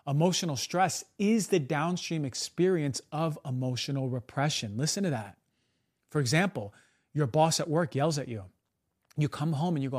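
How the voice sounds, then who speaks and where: A man hosting a podcast, talking in an emphatic monologue and often tagging a quick "right?" onto his points. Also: on the high side, animated, breathy edge. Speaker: podcast host.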